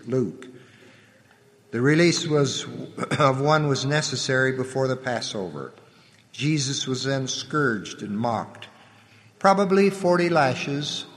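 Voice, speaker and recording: A man giving a solemn, measured scripture reading, letting his voice drop at the ends of phrases. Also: mid-range voice, animated. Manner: measured, reverent delivery with the voice dropping at phrase ends. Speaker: scripture reader. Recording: long hall reverb.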